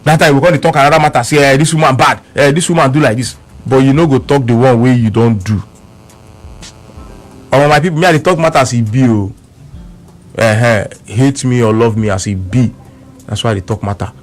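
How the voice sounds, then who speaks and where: A man's voice: medium pitch, brisk, long pauses, faint music behind. A man speaking with a Nigerian Pidgin accent, telling a story on radio with emphatic repeats and quoted back-and-forth. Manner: emphatic, repeats words, quotes both sides of an argument.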